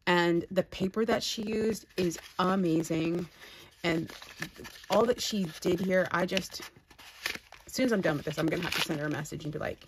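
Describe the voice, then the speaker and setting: Woman, craft vlogger, casual unboxing chat, rambling, gushing, lowish voice, faint hiss behind. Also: poor audio. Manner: chatty and rambling, gushing over gifts. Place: home craft room.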